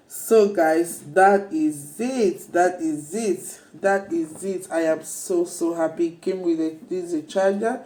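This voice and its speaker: A woman's voice: medium pitch, slow, dark tone, reverberant. A woman filming a casual vlog on her phone, gushing and repeating herself as she talks to viewers. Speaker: vlogger. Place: phone shop, then at home.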